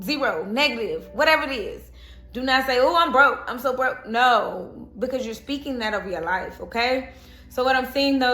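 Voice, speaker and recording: A woman's voice: medium pitch, fairly bright tone, a little hiss or hum. A woman giving a casual tarot horoscope reading, talking straight to the viewer with emphatic repeats and coaxing "okay?" asides. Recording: echoey room with faint background music.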